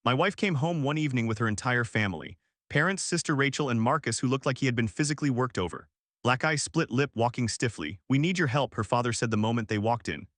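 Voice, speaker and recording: A man reading a first-person family drama story aloud in a calm, even narrating voice. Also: medium pitch, quick pace, no echo, studio quality.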